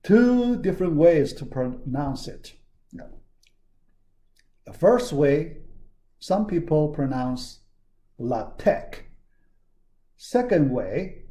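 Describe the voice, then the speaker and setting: Man, university lecturer, slow, mellow, lively intonation, repeats words, many fillers. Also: fairly high pitch. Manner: halting, frequent "yeah" and "all right" fillers; repeats key words for emphasis. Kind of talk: recorded classroom lecture.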